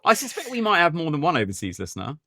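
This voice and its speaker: A man's voice: fairly high pitch, wildly swooping pitch, rapid-fire, pushed and bright, dry recording, clean studio sound. A man with a southern English accent, co-hosting a podcast in casual chat, often restarting his sentences. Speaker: podcast co-host.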